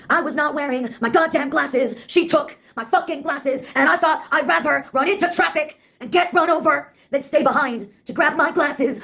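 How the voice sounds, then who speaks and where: A woman's voice: high voice, normal speed, creaky, hardly any pauses, pushed and bright. A woman delivering a rambling spoken-word monologue, blunt and full of swearing.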